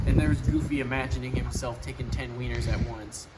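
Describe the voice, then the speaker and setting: A man's voice: mid-range voice, flat delivery, moderate pace, few pauses, very noisy. A man reading a children's storybook aloud and chatting about the pictures, with small stumbles. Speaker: storybook reader. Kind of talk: casual storybook read-aloud with commentary.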